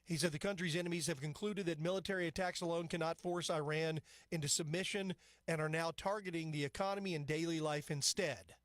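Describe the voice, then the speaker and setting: A male talk-radio host rambles through the news and his own asides with an opinionated, chatty delivery. His voice sits a little high for a man. It is recorded dry and close in a studio. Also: fairly even intonation, brisk, fairly bright tone, no room sound. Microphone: studio microphone.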